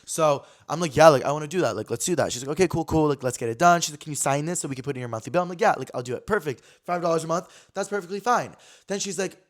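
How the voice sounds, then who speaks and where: A young man hosting a casual talk show, telling a story in an animated way, acting out quotes and swearing freely. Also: on the high side, racing. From California. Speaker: podcast host.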